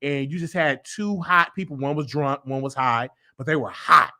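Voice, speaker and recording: Bright high-voiced boastful man. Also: normal speed. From Chicago. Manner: animated, boastful, over-the-top persona. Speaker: show host. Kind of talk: casual comedic talk show chat.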